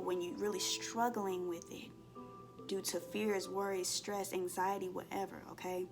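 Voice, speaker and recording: A woman's voice: on the low side, moderate pace, creaky. A woman giving a spiritual card reading to her viewers. She talks earnestly and emotionally, and keeps checking in with "okay?". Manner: emotional, expressive, acts out inner voices. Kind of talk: collective tarot-style reading to viewers. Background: soft background music.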